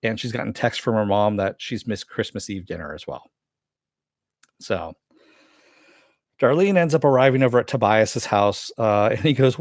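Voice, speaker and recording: A man's voice: lively intonation, normal speed, pauses often, no echo, clean studio sound. A man giving a casual, rambling recap of a TV episode, full of fillers and chuckles. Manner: loose storytelling with many fillers, chuckles often; voices the characters' lines with a lifted pitch. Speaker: TV reviewer.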